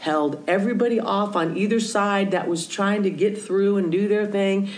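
A Christian woman tells an animated story in conversation, her voice medium in pitch and her pace moderate. She gives the people in the story their own voices and sometimes falls to a whisper, all in service of a faith message. The audio is poor.

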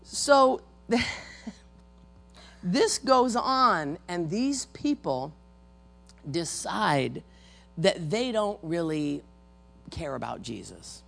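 A woman preaching a sermon in a folksy, animated manner, with joking asides to her congregation. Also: lowish voice, extremely slow, gravelly, pauses often, faint music behind.

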